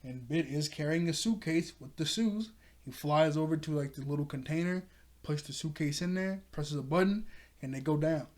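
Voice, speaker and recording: A man giving a casual review of a cartoon episode, talking in a chatty way with frequent laughs and self-corrections. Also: moderate pace. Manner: chatty, laughs often mid-sentence; jumps higher and louder when quoting characters. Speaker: show reviewer.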